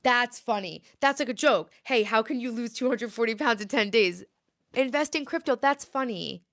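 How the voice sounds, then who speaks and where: A woman's voice: a little high, normal speed, fairly bright tone, no room sound, clean studio sound. A woman in her late thirties, chatting casually on a live stream, rambling and answering viewer comments aloud. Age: 30s. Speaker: livestream host.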